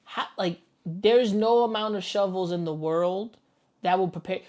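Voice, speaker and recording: A woman from the Bronx, reacting to a video with loud, profane outbursts. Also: medium pitch, measured pace. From the Bronx, New York. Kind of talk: casual reaction commentary.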